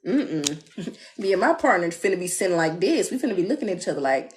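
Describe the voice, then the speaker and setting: A young woman giving a live tarot reading in a blunt, sassy, preachy way, mimicking people in a high voice. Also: sing-song, fairly quick, a little mellow. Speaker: tarot reader.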